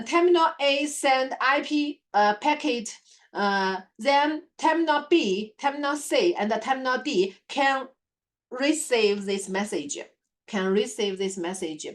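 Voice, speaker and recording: A woman whose first language is Chinese gives a halting lab report presentation, full of fillers and repeated words. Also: on the high side. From China. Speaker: student presenter.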